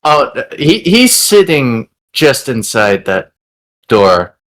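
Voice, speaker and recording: Slow, lively-pitched man playing a tabletop game. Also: a little hiss or hum. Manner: laughs often, swears casually. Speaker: player. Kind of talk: tabletop game play, casual chat.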